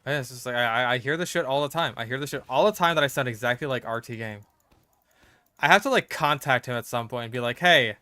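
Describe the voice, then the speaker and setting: A man's voice: medium pitch, fast talker, pushed and bright, smooth, dry recording. A man streaming a shooter game, rambling and joking with stammered restarts. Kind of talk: casual gaming commentary.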